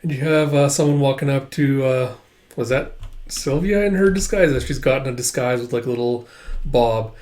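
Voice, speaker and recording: A man's voice: medium pitch, moderate pace, a little mellow. A man casually recapping a manga chapter, rambling with lots of fillers. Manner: rambling, frequent fillers and "it's like". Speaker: manga reviewer.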